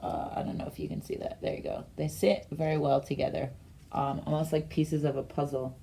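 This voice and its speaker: A woman giving a casual, meandering rune and tarot reading, talking slowly with many fillers. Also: sits low, fairly even intonation, vocal fry, warm tone, slightly rough.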